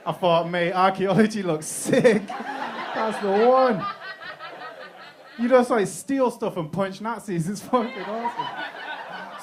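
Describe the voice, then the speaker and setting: A young man with a British accent works through a stand-up set on a club stage, his voice sitting high for a man. He talks loosely and swears a lot, breaking into laughs at his own lines, with a faint hiss of room noise behind him. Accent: British English. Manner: casual, profane, laughing at his own jokes. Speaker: stand-up comedian.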